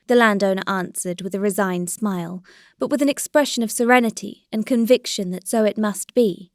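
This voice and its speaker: A woman narrating a classic novel as an audiobook in a steady, even storytelling voice. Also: medium pitch, a little fast, no echo, clean studio sound. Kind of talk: scripted narration.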